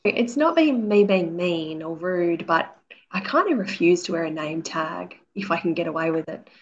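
Woman, 40s, animated storyteller guest; slightly low voice, dull lo-fi recording with faint noise. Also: moderate pace. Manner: chatty storyteller, many "you know"s, acts out quotes. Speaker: author guest. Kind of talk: casual interview chat.

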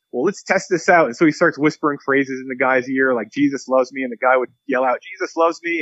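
A pastor being interviewed, telling a long story earnestly and acting out the quotes. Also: male voice, mid-range voice, a bit bright, no echo, lo-fi sound.

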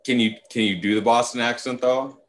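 A man hosting a podcast interview, speaking in a halting way with lots of filler words. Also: mid-range voice, steady tone, a bit bright. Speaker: podcast host. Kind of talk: casual interview chat.

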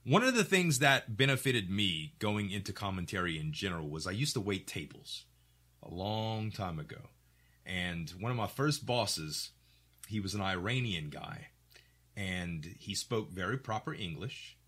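Articulate man with a bright, lively voice. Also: fairly low pitch, measured pace. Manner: articulate, animated storytelling with voiced quotes. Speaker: podcast host. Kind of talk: casual podcast chat.

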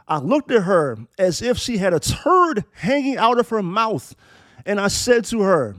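A man's voice: sits high, big pitch swings, moderate pace, no room sound. A man in his thirties giving a blunt, profane opinion monologue and telling a story from his own life. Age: 30s. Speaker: commentator.

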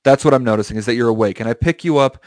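In casual, comedic improvised storytelling, a young podcast co-host rambles through a made-up tale for his friends, playful and frequently laughing. He speaks in a mid-range, darkish voice at a racing pace, with no room sound.

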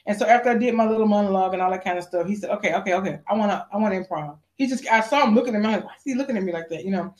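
An actress being interviewed, telling stories in a lively, animated way and acting out the voices of the people she quotes. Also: very fast, few pauses. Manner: acts out quotes with big pitch jumps. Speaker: actress guest. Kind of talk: animated storytelling.

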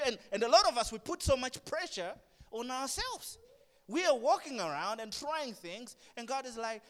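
A man preaching a sermon, animated, swinging from hushed asides to loud emphatic bursts. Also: very high voice, normal speed. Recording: long reverb of a large hall.

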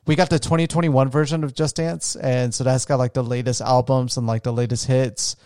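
A man's voice: medium pitch, little pitch movement, a little fast, a little mellow, smooth, no echo, studio quality. A young man talking casually about his day, rambling with many fillers and restarts. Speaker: vlogger. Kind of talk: casual personal talk.

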